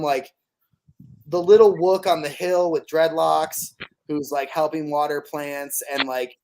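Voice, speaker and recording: Rambling, emphatic man in casual talk. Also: fairly high pitch. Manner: rambling and emphatic, swears when excited. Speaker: podcast co-host. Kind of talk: casual chat.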